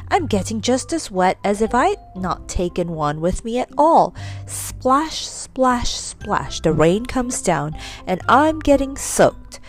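Storybook boy, petulant and playful, lively pitch, put on by a woman reader. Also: slow, faint music behind. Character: daydreaming stubborn young boy.

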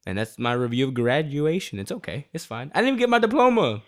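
A man in his twenties talking in casual chat, telling stories in an animated, profane and slangy way. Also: medium pitch, fast talker.

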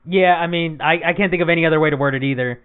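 Young man, high voice, quick talker, animated storyteller, phone-like tinny audio. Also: clean tone. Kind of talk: casual chat.

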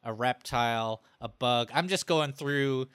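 Male podcast co-host: bright, smooth voice, joking questioner. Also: mid-range voice, unhurried. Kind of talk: casual podcast interview.

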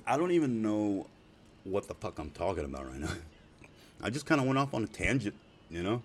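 A middle-aged man with a very low voice talks in a loose, rambling way, full of swearing and laughter, that turns tender when he speaks of his family. It is a personal video message with faint noise in the background. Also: big pitch swings, brisk. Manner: profane, rambling, laughing, emotional.

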